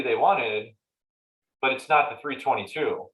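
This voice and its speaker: A man in a roomy, echoey meeting room coaching agents in a loose, conversational way. His voice sits at an ordinary middle pitch, and he talks like he is chatting rather than lecturing. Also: unhurried. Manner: conversational, acts out client dialogues in animated voices. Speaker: real estate team trainer. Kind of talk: casual training talk to agents.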